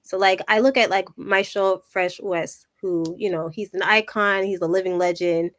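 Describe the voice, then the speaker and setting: A woman's voice: medium pitch, fairly even intonation, moderate pace, no echo. A young Canadian woman hosting a podcast, chatting with an upbeat, enthusiastic manner. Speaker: podcast host. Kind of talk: casual interview chat.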